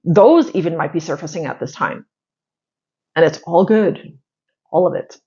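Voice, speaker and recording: A woman's voice: on the low side, normal speed, dark tone, muffled recording. A woman in her thirties hosting a spiritual astrology channel, giving viewers a casual, heartfelt pep talk full of "like" fillers and the odd blunt swear.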